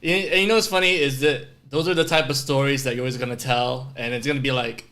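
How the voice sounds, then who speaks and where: A man's voice: mid-range voice, steady tone, fast talker, sharp tone. A man in casual chat who reacts and laughs readily.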